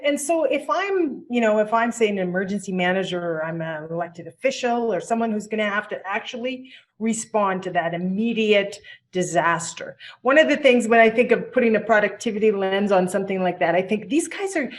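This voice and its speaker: Female host, mid-pitched, curious, probing, chatty interviewer. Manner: curious, asks long searching questions. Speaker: podcast host. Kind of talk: conversational interview.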